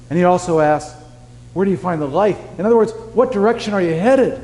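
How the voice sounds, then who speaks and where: A male pastor delivers a folksy, conversational sermon in a church sanctuary, addressing his congregation directly with casual asides, and the room's long reverb is audible. His high-pitched voice is animated and brisk with a darkish tone.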